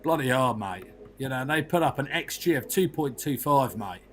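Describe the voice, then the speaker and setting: A man's voice: medium pitch, expressive, moderate pace, a bit bright, soft background music, lightly acted. A man impersonating a blunt Aussie football manager. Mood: gleeful ranting. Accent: Australian. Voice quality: broad slangy delivery, every line ending in "mate". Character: blunt Australian male football manager, swearing. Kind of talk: comedic impression in podcast chat.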